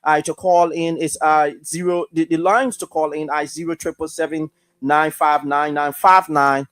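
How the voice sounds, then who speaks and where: A man hosts a live call-in radio show in a slightly high voice. He talks in a measured, halting way with plenty of fillers, and his voice sounds dry and close. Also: flat delivery, fairly bright tone, no room sound. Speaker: radio talk show host.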